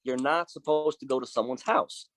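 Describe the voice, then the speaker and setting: A man who is a biker club's sergeant at arms tells stories as a podcast guest. He swears often and acts out the dialogue of the people in his stories. His voice is mid-pitched and sounds dry and close, with no room echo. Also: normal speed. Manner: profane, vivid storyteller who acts out quoted dialogue. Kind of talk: storytelling in a casual interview.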